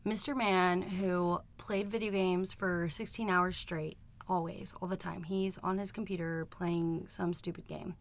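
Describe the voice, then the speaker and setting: A woman's voice: lowish voice, little pitch movement, a little slow, few pauses. A young adult woman co-hosting a podcast, telling a rambling, frank and profane story in casual chat and laughing often as she goes. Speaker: podcast co-host.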